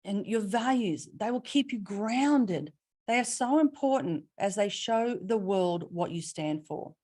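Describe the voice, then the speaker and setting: A middle-aged Australian woman giving a webinar keynote, telling stories with expressive emphasis and asking rhetorical questions. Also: mid-range voice, unhurried. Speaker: keynote speaker.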